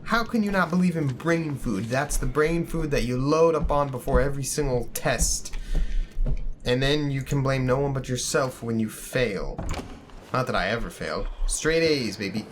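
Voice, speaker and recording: A man with a mid-range voice hosts a gaming channel, offering casual let's-play commentary that's jokey, rambling and self-deprecating. He talks at normal speed over game music, with slight background noise.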